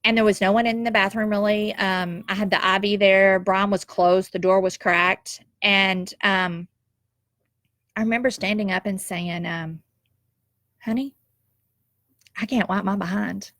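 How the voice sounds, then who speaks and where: A woman's voice: medium pitch, fairly even intonation, unhurried, a bit bright, no echo, clean studio sound. A woman, telling a personal story in an emotional, heartfelt and reflective way, tearful at times. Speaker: nurse sharing a personal story.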